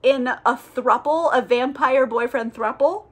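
A woman's voice: sits high, measured pace. A young woman recapping a novel in a chatty, profane, casual way, full of filler words. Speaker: book reviewer.

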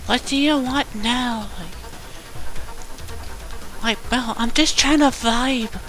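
A man's voice: very high-pitched, slow, fairly bright tone, heavily acted. A man putting on the voice of a bratty teenage girl gamer who keeps sighing "oh my god" and calling people mate. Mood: annoyed. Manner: exasperated, says "oh my god" a lot, calls people mate. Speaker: online game prankster. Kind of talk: trolling voice chat. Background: background music.

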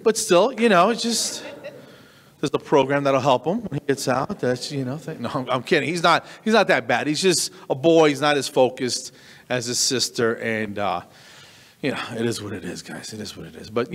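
A man in his fifties doing a stand-up comedy set, deadpan and self-deprecating, with halting starts and restarts. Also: medium pitch, long reverb tail. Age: 50s.

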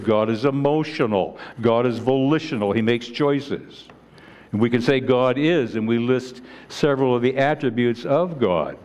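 Earnest pastor preaching a sermon. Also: male voice, mid-range voice, darkish tone. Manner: earnest, with frequent restarts and repeated words. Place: church sanctuary.

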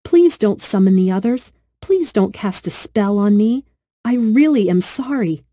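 A woman's voice: mid-range voice, lively intonation, a little slow, mellow, no room sound, voice pushed up. A woman voicing a timid little girl who talks nervously and pleads, in a storybook reading. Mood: nervous pleading.

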